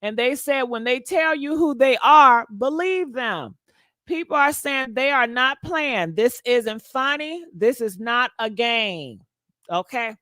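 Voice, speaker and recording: A woman hosting a gossip channel, giving blunt, animated casual commentary straight to her viewers. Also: fairly high pitch, slow pace, dry recording.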